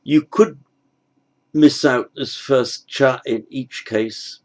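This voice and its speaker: A man teaching a language lesson, working through translation exercises slowly and methodically, thinking aloud with pauses. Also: mid-range voice, a little mellow. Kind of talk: spoken grammar lesson.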